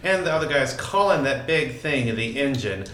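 A man's voice: medium pitch, expressive, normal speed, background noise. A man playing a tabletop game, talking casually and thinking aloud. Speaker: player. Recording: echoey room with faint music.

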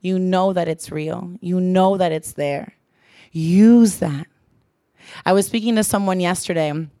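A woman's voice: on the low side, measured pace, warm tone, no room sound, studio quality. A young adult woman giving an earnest sermon, repeating phrases for emphasis. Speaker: church speaker.

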